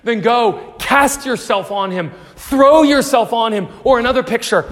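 A pastor preaching an earnest sermon, swinging from loud pleas to hushed prayer. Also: male voice, very high-pitched, slow pace, hardly any pauses, big-room sound.

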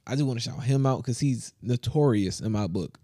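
A man co-hosting a laid-back podcast talks a little fast at medium pitch, telling animated, slang-heavy stories crowded with fillers. He's close to the mic, and the sound is dry.

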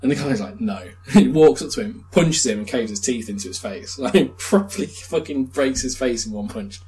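A young man chatting casually, retelling a film with lively swearing and laughter. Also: mid-range voice, moderate pace, low-quality recording. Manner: animated storytelling with swearing and laughs. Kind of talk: casual chat.

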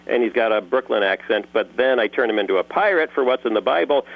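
A man answering interview questions in a casual, joking way, lively and quick to slip into voices. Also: fairly low pitch, no echo, narrow, tinny audio. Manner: animated, jokey, slips into character voices. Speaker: guest voice actor and creator.

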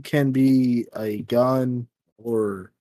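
A man's voice: medium pitch, steady tone, extremely slow, dark tone, dry recording. A man co-hosting a casual podcast, laid-back, swearing freely and steering the chat. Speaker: podcast co-host.

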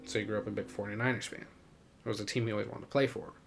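A man's voice: on the low side, little pitch movement, rapid-fire, gravelly, faint music behind. A man co-hosting a podcast, chatting casually about sports, rambling and laughing often. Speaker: podcast co-host.

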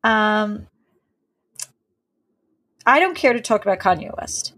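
A woman's voice: medium pitch, expressive, slow pace, fairly bright tone, breathy edge. A woman co-hosting a podcast in casual chat, offhand and wry. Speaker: podcast co-host.

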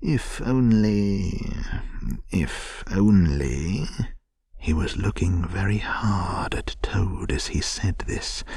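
A man softly whispering a soothing bedtime story as storyteller. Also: sits low, gravelly, husky, no echo.

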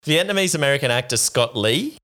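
Lively, teasing male podcast co-host. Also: mid-range voice, brisk. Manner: dry, teasing, reads aloud with mock drama. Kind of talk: casual podcast chat.

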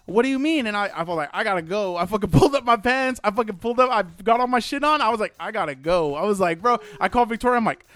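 A man's voice: sits high, animated, fast, a bit bright. A young man telling a wild story in casual, profane podcast chat.

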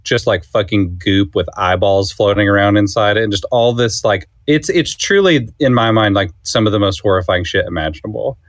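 A man co-hosting a podcast, talking excitedly and rambling with casual swearing. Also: fairly low pitch, a little fast, few pauses, no room sound, studio quality. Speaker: podcast co-host. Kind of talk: casual film discussion.

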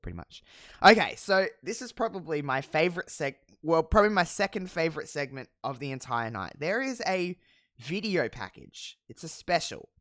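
Animated host with a dry close sound. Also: mid-range voice, moderate pace, no echo. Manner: animated storytelling, profane, laughing. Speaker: podcast host recapping wrestling. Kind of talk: casual chat.

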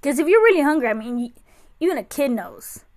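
A woman with a fairly high voice talks in a loose, chatty way. She spins everyday stories as a podcast host and mother. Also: sing-song, fairly quick, darkish tone. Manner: chatty, anecdotal storytelling. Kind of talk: casual chat.

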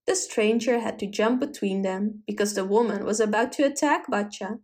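A woman narrating a folk tale in an expressive, dramatic storybook style. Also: mid-range voice, normal speed, few pauses.

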